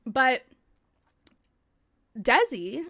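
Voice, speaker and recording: A woman's voice: high-pitched, very animated, extremely slow, fairly bright tone, no room sound, studio quality. A young adult woman hosting a podcast in casual chat, talking freely with lots of "like" and casual swearing. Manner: chatty, swears freely, heavy use of "like". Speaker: podcast host. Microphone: podcast microphone.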